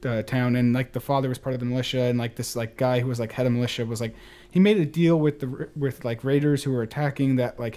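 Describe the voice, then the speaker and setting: A man retells a story in a loose, rambling way, peppered with fillers. His voice sits in a mellow, darker register at an ordinary pitch. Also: fairly even intonation, fairly quick. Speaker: podcast panelist. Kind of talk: casual chat.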